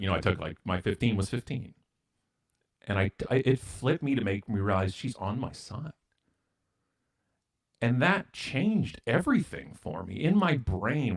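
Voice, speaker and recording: Telling a story as an interview guest, a man from Canada takes a blunt, self-deprecating tone and performs both sides of the dialogue himself. His pitch sits fairly low.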